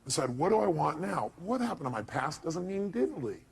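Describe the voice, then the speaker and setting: This motivational speaker's voice is on the high side, sing-song and slightly rough, with vocal fry and a brisk pace. His seminar talk is punchy, full of rhetorical questions thrown at the live crowd and impersonated voices.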